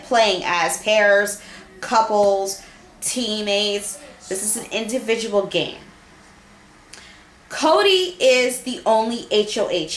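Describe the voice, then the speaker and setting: Woman ranting a fan recap, kinda high voice, echoey room. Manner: animated, argumentative, talks straight to the people she discusses. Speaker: fan commentator. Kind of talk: casual reality-show recap. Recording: echoey room with faint noise.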